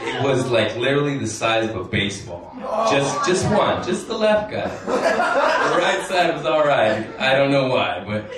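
A man doing stand-up, telling a rambling, crude, self-deprecating story and chuckling through his lines. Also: medium pitch. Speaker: stand-up comedian. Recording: echoey room from a distance, noisy.

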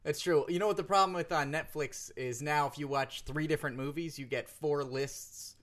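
A man co-hosting a comedy podcast, joking and bantering in an animated way. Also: on the high side, normal speed. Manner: animated, jokey delivery. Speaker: podcast co-host.

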